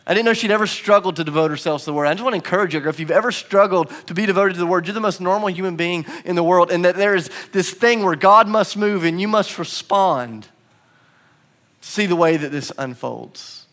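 A man's voice: sits high, brisk, fairly bright tone. A young adult man preaching a sermon to a congregation in a church, telling personal stories in an earnest way and rising into emphatic swells. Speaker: pastor. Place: church sanctuary before a congregation.

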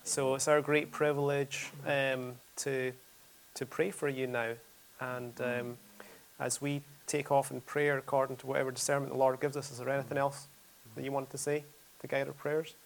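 A man's voice: medium pitch, level tone, moderate pace, creaky. A man leading a prayer meeting, praying aloud with impassioned, repetitive cries. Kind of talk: fervent spontaneous prayer.

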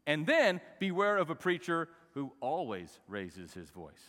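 A man preaching a sermon as pastor, shifting from soft conversational talk to raised, shouting passages and asking the congregation to repeat phrases. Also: a little high, sing-song, measured pace, hardly any pauses, big-room sound.

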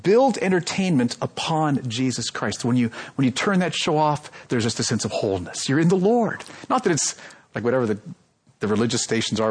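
Animated husky male pastor preaching. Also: mid-range voice. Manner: animated, questions the congregation, swings loud and soft. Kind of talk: sermon.

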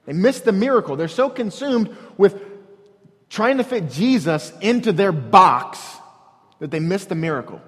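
Man, pastor, sermon, earnest repetitive delivery, rhetorical questions, slightly high voice, long hall echo. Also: very animated, measured pace, a bit bright.

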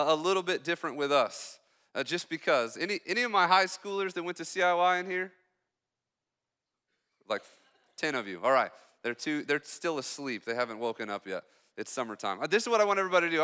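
A young man preaches as a student pastor in a church hall, his joking, chatty sermon full of quick asides to the room. His voice is a touch high, bright and crisp, carrying a long reverb from the hall.

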